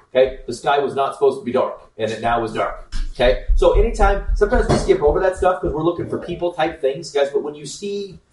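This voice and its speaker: A man's voice: medium pitch, a little hiss or hum. A man giving a casual Bible lesson, talking straight to his listeners as "guys", with plenty of ums and restarts. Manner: conversational, addresses listeners as guys, frequent ums. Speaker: Bible teacher. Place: church meeting room. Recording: roomy echo, mic at a distance.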